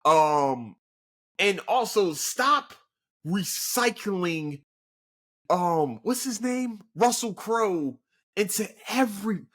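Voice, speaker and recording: A man hosting his own podcast, ranting casually and profanely, excitable, then muttering apologies. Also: high-pitched, extremely slow, pauses often. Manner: animated, profane and excitable, swings between shouting and mumbled apologies. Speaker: podcast host. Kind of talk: casual solo rant.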